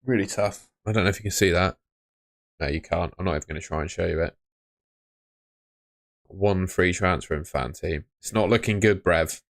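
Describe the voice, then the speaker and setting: A man's voice: low-pitched, moderate pace, pauses often, dry recording, studio quality. A young man hosting a live stream, chatting casually and muttering to himself as he sorts things out on his phone. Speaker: livestream host.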